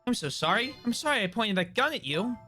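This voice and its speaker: A man voicing a sweet, excitable young girl in a game, cheerful and clingy. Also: sits high, a little fast, soft background music, voice pushed up, exaggerated voice. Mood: apologetic.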